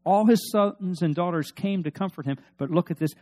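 Speaking fast in a slightly high, somewhat mellow voice, a male pastor delivers a sermon. Scripture is read aloud, and he underlines each point forcefully by questioning the congregation.

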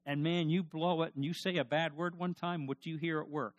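A male pastor preaching a sermon emphatically, repeating his questions and swinging from loud to hushed. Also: fairly high pitch, normal speed, hardly any pauses, dry recording, studio quality.

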